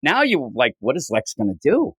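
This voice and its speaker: Guy on a comics podcast, excited recap, does all the lines himself, super lively pitch, dry sound. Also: normal speed, breathy edge, no room sound. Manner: animated retelling, acting out quotes with big pitch jumps. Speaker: podcast host. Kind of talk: casual comic book discussion.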